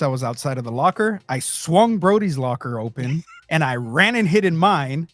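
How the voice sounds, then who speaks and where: A man hosting a podcast, telling a story in a loose, profane, animated way. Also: fairly high pitch, no echo. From Texas. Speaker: podcast host. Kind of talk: casual storytelling chat.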